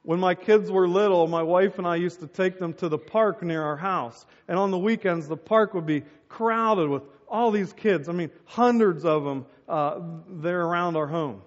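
High-voiced preacher in an echoing hall. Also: male voice, moderate pace, hardly any pauses, highs cut off. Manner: storytelling with acted-out voices. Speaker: pastor. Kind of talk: sermon.

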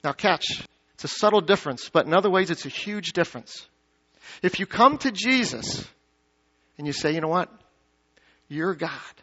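A male pastor preaching to his congregation, swinging from emphatic peaks to quiet low asides and asking the crowd questions. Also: animated, moderate pace. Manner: dynamic preaching, rising to emphatic peaks then dropping low. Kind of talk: sermon. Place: church sanctuary. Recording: dull lo-fi sound.

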